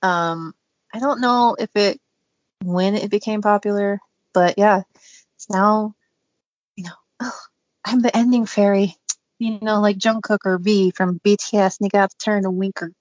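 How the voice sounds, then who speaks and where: A woman's voice: medium pitch, steady tone, moderate pace, no room sound, dull audio. A woman co-hosting a podcast in a casual, chatty way, giggling often and using many fillers. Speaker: podcast co-host. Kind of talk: casual chat.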